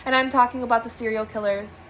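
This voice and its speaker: A woman's voice: fairly high pitch, fairly even intonation, fast, a bit bright, slight background noise, rough recording. A young woman giving an earnest spiritual monologue to camera from a small room, emphatic and repeating phrases for stress. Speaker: spiritual vlogger.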